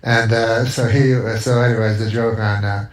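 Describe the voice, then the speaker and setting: A man's voice: on the low side, fairly even intonation, moderate pace. A man telling rambling comic stories in a dry, meandering way on a talk show, in an echoey archival clip. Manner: dry, meandering storytelling that breaks into laughter. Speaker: comedian.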